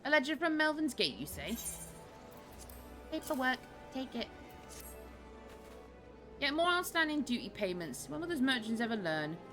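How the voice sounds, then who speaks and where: A woman voicing a stern, weary city gate official who talks in a brisk, officious way, reading game dialogue aloud. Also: high-pitched, sing-song, over music, voice pushed up.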